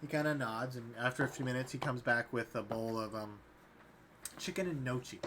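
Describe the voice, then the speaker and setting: A man's voice: medium pitch, fairly quick, fairly bright tone, a little hiss or hum. A man narrating as dungeon master in a tabletop game, in a casual, loose way.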